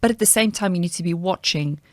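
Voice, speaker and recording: A woman hosting a podcast interview in a casual way, engaged, with quick reactions. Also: on the low side, a little mellow, no echo, clean studio sound. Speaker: podcast host.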